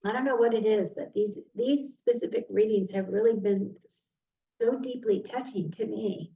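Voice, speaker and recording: A woman's voice: medium pitch, moderate pace, vocal fry, warm tone. A woman giving a tarot reading straight to the viewer, earnest and easily moved, recorded from a distance in a roomy space. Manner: earnest, emotional, speaks directly to the viewer. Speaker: tarot reader. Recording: roomy, distant, dull sound with faint noise.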